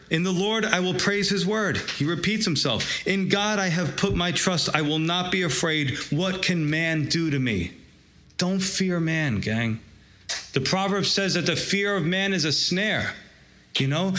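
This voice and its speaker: A man with a fairly high voice preaching a sermon in a relaxed, conversational way. He reads scripture aloud between his own remarks. He keeps turning to the congregation with rhetorical questions and folksy asides. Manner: informal and folksy, addressing listeners as "gang". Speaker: pastor.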